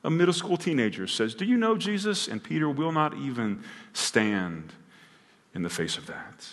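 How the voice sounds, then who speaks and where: Male pastor, mid pitch, earnest sermon delivery with emphatic swells; reverberant sanctuary sound. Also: very animated, normal speed, a bit bright. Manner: earnest, rising to emphatic peaks with frequent restarts. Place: church sanctuary.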